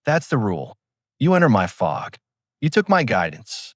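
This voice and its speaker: A man voicing a calm, commanding, cruel spirit in the fog that knows too much. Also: medium pitch, moderate pace, no echo, clean studio sound, lightly acted.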